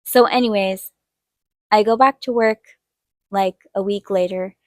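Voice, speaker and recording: A young woman hosting an art video, telling a personal story in a chatty way and acting out quotes in a higher voice. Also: steady tone, a little slow, a little mellow, dry recording, studio quality. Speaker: art channel host. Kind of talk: casual storytelling while drawing.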